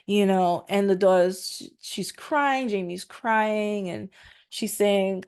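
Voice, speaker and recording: A woman's voice: medium pitch, measured pace, darkish tone. Female podcast host, conversational commentary with scripture readings, mic on a stand. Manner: chatty, frequent fillers, reads verses aloud. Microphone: microphone on a stand.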